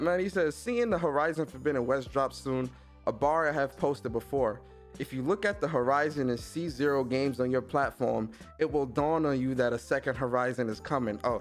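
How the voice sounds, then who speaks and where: A man hosting a gaming show, telling a story in a casual, animated rant full of swearing and mocking impressions. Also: on the high side. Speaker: gaming podcast host.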